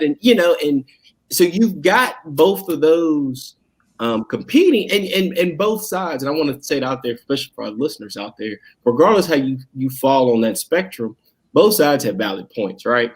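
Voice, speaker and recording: A school district director from Southwest Virginia, speaking with the region's country accent, appears as an interview guest and rambles casually, full of fillers and restarts. His voice runs on the high side, slightly rough and very animated, at a moderate pace.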